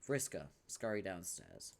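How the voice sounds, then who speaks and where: A man's voice: deep voice, wildly swooping pitch, unhurried, vocal fry. A man hosting a read-along, narrating a webcomic in a wry, dramatic second-person style. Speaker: host reading a webcomic aloud.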